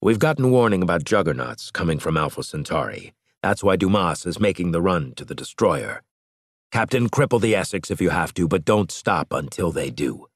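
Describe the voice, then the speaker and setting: A man voicing a blunt, gruff old admiral in an audiobook, barking stern orders. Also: low voice, big pitch swings, normal speed, no echo, clean studio sound, heavily acted.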